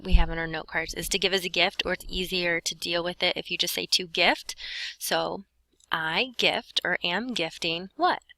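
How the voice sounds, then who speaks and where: Woman Spanish teacher, step-by-step explainer, bright tone, dry recording. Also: mid-range voice, no room sound, low-quality recording. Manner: explains step by step, talks to herself while writing. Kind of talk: lesson walkthrough.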